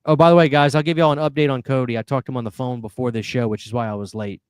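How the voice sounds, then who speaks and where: A man's voice: medium pitch, steady tone, racing, clear, resonant tone, dry recording. A man hosting a casual live stream, chatty, reading viewer comments aloud and laughing easily. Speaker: podcast host.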